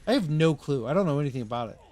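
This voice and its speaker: A man's voice: on the high side, lively intonation, racing, a little mellow. A man streaming a game live, rambling through casual commentary to himself and his chat.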